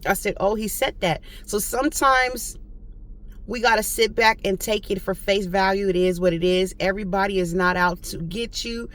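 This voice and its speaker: A young woman tells a story in a casual vlog monologue. She talks in a chatty, conversational way, leaning into preachy, faith-filled reflections, with her voice sitting at an ordinary middle pitch. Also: normal speed, fairly bright tone. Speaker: vlogger.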